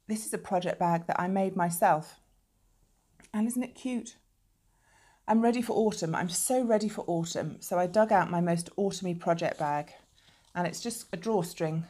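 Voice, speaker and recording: A woman's voice: fairly low pitch, mellow. A woman hosting a knitting podcast, chatting casually and showing her knitting to the camera, with chatty digressions.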